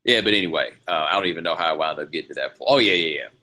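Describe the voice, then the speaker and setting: Deep-voiced man rambling through stories. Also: rapid-fire, sharp tone. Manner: rambling, loose, laughing, slangy. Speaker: podcast host. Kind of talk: casual storytelling monologue.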